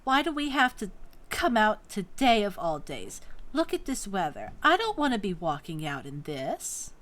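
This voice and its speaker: A woman's voice: mid-range voice, big pitch swings, moderate pace, fairly bright tone, pitched above the performer's own voice. A woman voicing a petulant young daughter whining to her mother in a tabletop game. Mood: whiny. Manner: whining, complaining.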